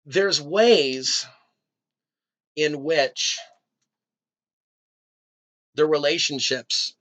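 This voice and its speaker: Bright-voiced man rambling through a monologue. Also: medium pitch. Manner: rambling and conversational, drifting between tangents. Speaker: video host. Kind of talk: free-flowing spiritual monologue.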